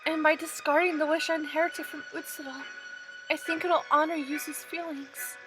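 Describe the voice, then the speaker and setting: A woman's voice: sits high, little pitch movement, moderate pace, over music, pitched above the performer's own voice, natural voice, poor audio. Woman voicing an earnest young heroine.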